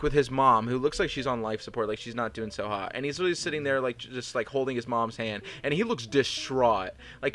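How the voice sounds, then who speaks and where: A young man co-hosting a casual podcast, telling an animated story full of "like" fillers and swearing. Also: medium pitch. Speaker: podcast co-host. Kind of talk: casual chat.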